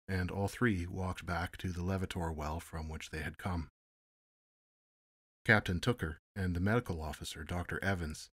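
A man narrating an audiobook in a measured, steady storytelling manner. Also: low-pitched, husky, dry recording, clean studio sound. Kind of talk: audiobook reading.

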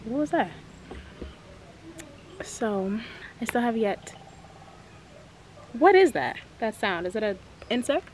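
A woman's voice: on the high side, big pitch swings, moderate pace, pauses often, darkish tone, a little hiss or hum, low-quality recording. A woman in her twenties from Jamaica, chatting casually to camera in a vlog. She laughs often and coos at pets. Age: 20s. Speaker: vlogger. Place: in a car, then outdoors at a family home.

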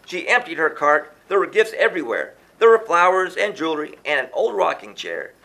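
A man's voice: fairly high pitch, big pitch swings, a little fast, vocal fry, sharp tone. A man reading a rhyming children's story aloud in a sing-song way, chanting the refrains.

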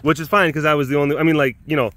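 A man's voice: on the high side, fairly even intonation, rapid-fire, fairly bright tone. A man vlogging outdoors at an animal sanctuary, telling a rambling story full of sound effects and laughs. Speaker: big cat sanctuary vlogger. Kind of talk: casual storytelling.

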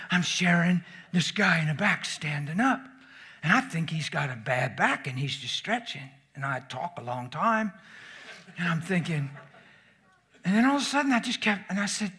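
A middle-aged male preacher telling a story from the pulpit, his high voice bright and husky. He talks with lively, sweeping pitch and swings from shouts down to near whispers. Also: moderate pace. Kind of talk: storytelling sermon.

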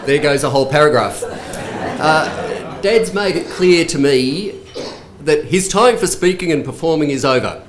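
Hoarse man speaking at a celebration. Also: a little high, animated, a little slow, background noise. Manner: warm, humorous anecdotes, engaging the audience. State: husky, hoarse voice. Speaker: son of the honoree, giving a response speech. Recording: echoey hall with faint ambience.

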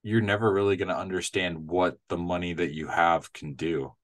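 A man's voice: sits low, fairly even intonation, normal speed. A man with a Midwestern accent co-hosting a casual church talk, thinking aloud with many fillers. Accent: Midwestern American. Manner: thoughtful, hedging with fillers. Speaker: church podcast co-host. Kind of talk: casual chat.

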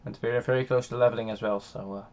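A man's voice: medium pitch, steady tone, fast, a little mellow. Hesitant Dutch-accented man on a dull mic. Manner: hesitant, many filler sounds and restarts. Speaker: game channel host. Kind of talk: casual gameplay commentary voiced afterwards.

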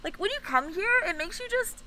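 A woman's voice: extremely high pitch, expressive, a little fast, a loud crowd, low-quality recording. A woman guest at an outdoor animal enclosure, speaking in an earnest, impassioned way. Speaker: visiting guest. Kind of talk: casual chat.

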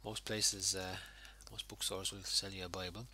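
An Irish pastor preaching at home in a loose, conversational way, pausing on fillers. His voice is low and husky yet very bright and forceful. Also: flat delivery. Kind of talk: home worship sermon.

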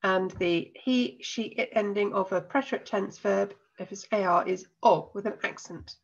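Husky woman teacher with a cold. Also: medium pitch, lo-fi sound. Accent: English. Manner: patient, explanatory, spells out endings slowly. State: has a cold. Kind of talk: recorded online lesson.

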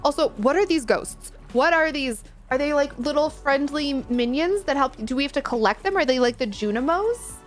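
A woman giving live reaction commentary as a gaming streamer, excitable and gushing, full of exclamations. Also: high-pitched, normal speed, few pauses, faint music behind.

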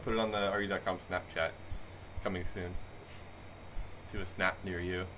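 A man's voice: low-pitched, flat delivery, normal speed, noisy background. A man co-hosting a podcast, bantering casually and laughing often. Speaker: podcast co-host.

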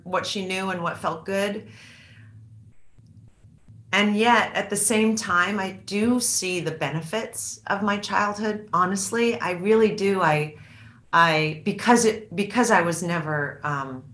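A woman's voice: lowish voice, pushed and bright, reverberant. A middle-aged American woman speaking as an interview guest, reflective and thoughtful, often restarting her sentences. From United States. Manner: reflective, with frequent restarts and fillers. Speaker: author and actress, interview guest. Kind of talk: conversational interview.

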